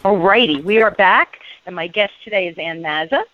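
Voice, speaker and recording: A woman's voice: medium pitch, no echo, lo-fi sound, faint music behind. Chatty woman radio host, dry sound. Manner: chatty, laughs often, quick asides. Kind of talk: casual radio interview.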